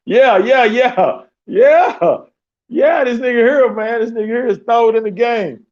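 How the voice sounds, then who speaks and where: A man's voice: very high-pitched, a little slow, dull audio. A man hosting a podcast, telling a story in a loose, profane way and laughing often. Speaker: podcast host.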